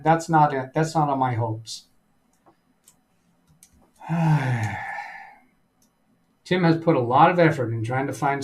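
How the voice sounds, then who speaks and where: A man hosting a live tech-help stream, walking through the screen in a chatty, wry way and reading chat logs aloud with dry sarcasm. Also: on the high side. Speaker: tech support channel host.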